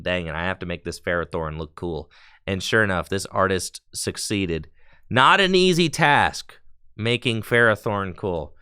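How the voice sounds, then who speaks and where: A man's voice: lowish voice, bright, forceful tone, clear, resonant tone. A man chatting casually on a live stream while opening card packs, talking in a chatty, slangy way with bursts of enthusiasm.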